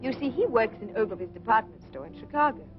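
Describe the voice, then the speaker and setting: An actress playing an earnest young woman, speaking gently and hesitantly, on a dull old film soundtrack with music behind. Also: a little high, lively intonation, quick pace, lightly acted.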